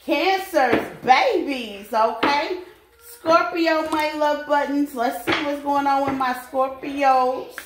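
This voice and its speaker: A woman's voice: high-pitched, slow pace, a bit bright. Chatty woman reading tarot, echoey room. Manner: chatty, laughing, talks to viewers as babies. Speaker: tarot reader. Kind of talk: casual tarot reading vlog. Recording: echoey room with faint noise.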